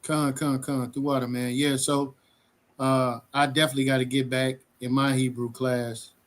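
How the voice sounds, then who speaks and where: A man's voice: mid-range voice, flat delivery, moderate pace. A man co-hosting a livestream bible study, talking casually and animatedly with many fillers.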